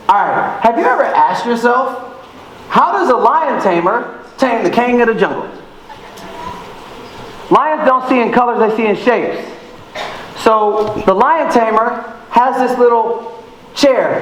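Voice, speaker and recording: A man giving an energetic motivational talk on stage at an event, calling out to the crowd and acting out little scenes with sound effects. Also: very high-pitched, a little hiss or hum. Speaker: motivational speaker. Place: large event hall. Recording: very echoey hall.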